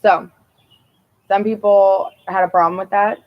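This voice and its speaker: A woman's voice: medium pitch, little pitch movement, measured pace, highs cut off. A woman telling personal stories in a blunt, rambling and profane casual monologue.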